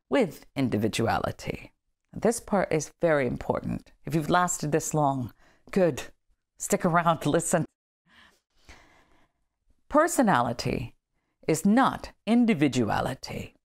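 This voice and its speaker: A woman's voice: low voice, big pitch swings, measured pace. A woman leading a book study, reading a text aloud with emphatic, dramatic delivery and casual asides in between. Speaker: study group leader.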